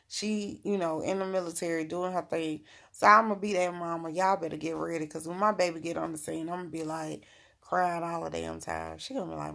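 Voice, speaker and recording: A woman's voice: on the low side, creaky, fairly bright tone. A middle-aged woman giving frank, motherly spiritual advice in a casual livestream talk, laughing often.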